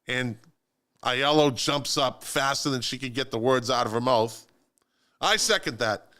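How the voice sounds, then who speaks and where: Male co-host, studio chat, sarcastic, lively storyteller with an ordinary mid pitch. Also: normal speed. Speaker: co-host of a local politics livestream. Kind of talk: casual political chat. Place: radio studio.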